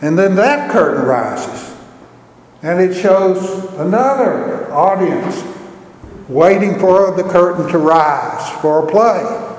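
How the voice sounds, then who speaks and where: A man preaching a sermon, telling the story in a slow, measured way. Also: high-pitched, a little mellow, echoey room, big-room sound, rough recording.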